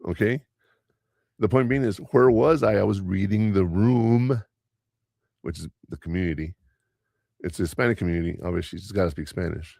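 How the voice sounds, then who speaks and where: A middle-aged man hosting a podcast, telling family stories in a rambling, animated way. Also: low-pitched, normal speed, gravelly, pauses often, dry recording, studio quality. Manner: rambling, animated storyteller who mimics voices. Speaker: podcast host. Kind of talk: casual storytelling chat.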